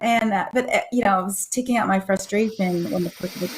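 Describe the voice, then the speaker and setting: Woman, medium pitch, reflective, open, hesitant, casual chat guest. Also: steady tone, quick pace, few pauses.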